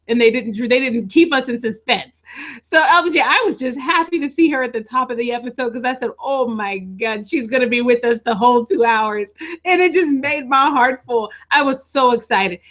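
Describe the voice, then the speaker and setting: Woman co-host on a live recap, high voice, keeps saying her cohost's name, muffled audio. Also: fairly quick, fairly bright tone.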